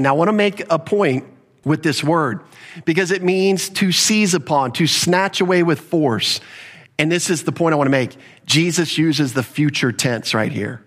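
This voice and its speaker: Emphatic male preacher, slightly high voice. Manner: emphatic, retells dialogue, explains Greek words. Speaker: pastor. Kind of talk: expository sermon.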